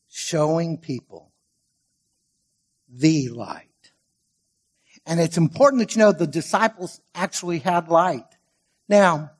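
High-voiced man preaching emphatically. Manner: emphatic, swings from loud stresses to quiet asides; stretches key words slowly for weight. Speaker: pastor. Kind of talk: sermon.

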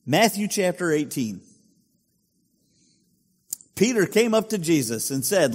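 A male pastor preaching with a lively, up-and-down delivery and a fairly high voice. He asks the congregation rhetorical questions in a chatty tone, and his voice carries a long hall reverb. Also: takes it slowly, long pauses, slightly rough. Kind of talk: sermon.

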